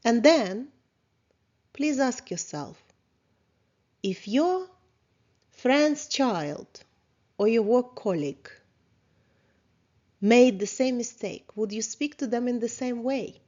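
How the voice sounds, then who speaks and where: A woman therapist leading a guided self-reflection lesson, talking calmly and asking many questions, with small grammar slips. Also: fairly high pitch. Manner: slow, calm, questioning, with small grammar slips of a non-native speaker. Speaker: therapist teaching a course. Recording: slightly dull lo-fi sound.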